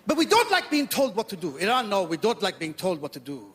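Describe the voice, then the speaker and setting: A man doing an exaggerated Iranian accent as a stand-up persona, with lively, mock-naive delivery. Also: high-pitched, fast, slightly rough, heavily acted. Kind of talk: stand-up comedy. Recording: echoey theatre hall.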